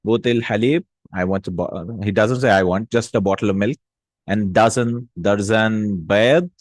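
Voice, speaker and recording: Low-voiced man teaching a language, dry sound. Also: steady tone, no echo. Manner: explains slowly, repeats words, checks with "hmm?" and "no?". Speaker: Arabic teacher. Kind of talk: casual language lesson.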